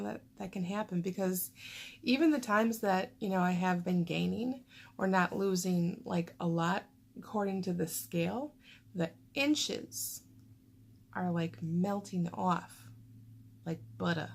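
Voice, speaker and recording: A woman's voice: fairly low pitch, vocal fry, darkish tone. A woman vlogger rambling casually to camera in a chatty way, full of fillers.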